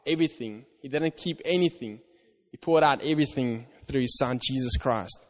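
Guy preaching, earnest, keeps restarting words, mid pitch, long reverb like a church hall. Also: normal speed. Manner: earnest, repeats and restarts words, stresses "you" in scripture. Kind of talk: sermon.

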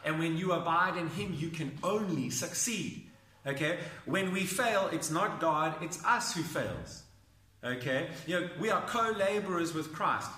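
A man's voice: on the high side, lively intonation, measured pace, pushed and bright. A man preaching a sermon with emphasis, often checking in with the listeners by asking "okay?". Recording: echoey room.

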